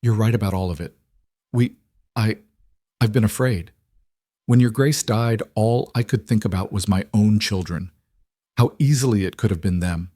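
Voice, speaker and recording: Man putting on a quiet sorry gossip lady, halting and small, dry close voice. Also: lowish voice, no room sound, lightly acted. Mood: ashamed. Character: ashamed townswoman, gossip turned sorry.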